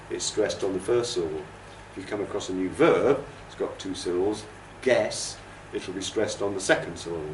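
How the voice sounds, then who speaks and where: A man with a lowish voice delivers a classroom lecture as a TESOL course trainer; the recording has a little hiss or hum and a roomy classroom echo. He explains patiently and demonstrates word stress by exaggerating and stretching words.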